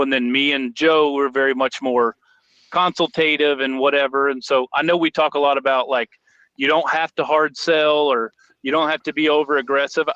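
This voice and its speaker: Bright-voiced joking man, dull sound. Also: fairly high pitch, no room sound. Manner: loose, joking storyteller. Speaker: podcast co-host. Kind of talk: casual chat.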